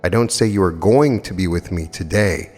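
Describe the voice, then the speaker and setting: Man, fifties, low voice, earnest lecture, long hall echo. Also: normal speed, darkish tone, faint music behind. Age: 50s. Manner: earnest, emphatic storytelling with rhetorical questions. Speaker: metaphysical lecturer. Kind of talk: spiritual lecture with anecdotes.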